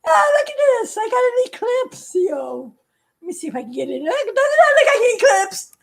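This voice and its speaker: Very high, giggly woman. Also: moderate pace, creaky. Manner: giggly, laughs constantly, excitable. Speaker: animator showing her work to fans. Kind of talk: casual home vlog chat. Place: her home, indoors.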